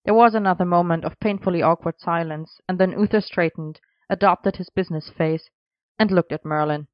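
A reader narrates a story evenly and with measure. The voice is smooth and clear, close to the mic. The recording is dry and a little dull. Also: medium pitch, fairly quick, no echo. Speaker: audiobook reader.

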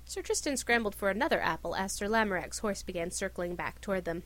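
A woman reading a story aloud with expressive narration. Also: mid-range voice, fast talker. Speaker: reader. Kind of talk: reading fan fiction aloud.

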